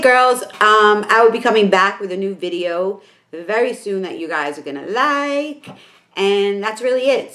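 Chatty New York woman vlogger. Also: on the low side. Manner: excitable, rambling with many fillers. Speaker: makeup vlogger. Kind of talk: casual chat to camera.

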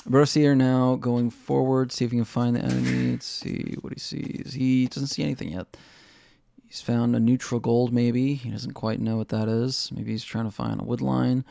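A man's voice: medium pitch, flat delivery, moderate pace, gravelly, dark tone, no echo. Chatty man casting a strategy game. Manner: chatty, self-mocking, laughs at own jokes. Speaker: game caster. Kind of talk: casual game commentary.

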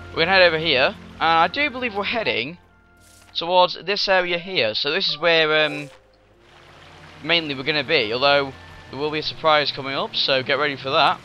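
Guy rambling through a let's play, bright sharp voice, lots of um and sudden yelps, muffled lo-fi audio with faint game music. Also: fairly high pitch. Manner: rambling and excitable, with many fillers and sudden outbursts. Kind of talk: video game commentary. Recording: dull lo-fi recording.

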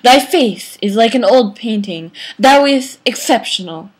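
A woman's voice: on the high side, animated, unhurried, rough recording. A woman voicing a young male vampire suitor who talks in stiff, mock-old-fashioned English. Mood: wooing.

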